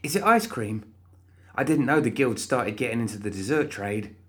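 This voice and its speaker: A man's voice: mid-range voice, expressive, normal speed, natural voice. A man voicing a cheerful, prim undead young woman, talking in a chirpy, sweetly indignant way in a storybook reading.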